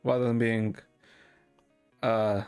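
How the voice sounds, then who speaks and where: A man streaming and chatting with viewers in a deadpan, rambling way, swearing now and then. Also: fairly low pitch, takes it slowly, clean tone, faint music behind. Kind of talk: casual chat with viewers.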